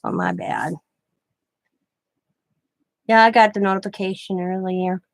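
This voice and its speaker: A woman's voice: medium pitch, fairly even intonation, unhurried, no echo. A middle-aged woman hosting a craft livestream, chatting casually and rambling through anecdotes while she works. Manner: rambling anecdotes, quoting others in her own voice. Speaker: craft channel host.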